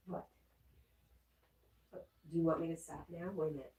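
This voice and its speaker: A woman's voice: low voice, fairly even intonation, normal speed, phone-quality sound, a little hiss or hum. A woman hosting a casual early-morning livestream at home, reading viewer comments aloud and cooing in baby talk to her dog. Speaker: livestream host. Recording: roomy sound, mic far off.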